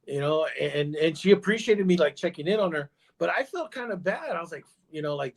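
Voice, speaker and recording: A man talking as a podcast guest, his voice sitting a little higher than most men's. He rambles through his story in a casual way, full of fillers, restarts and repeated "you know"s. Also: animated, brisk, vocal fry, few pauses. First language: bilingual in Spanish.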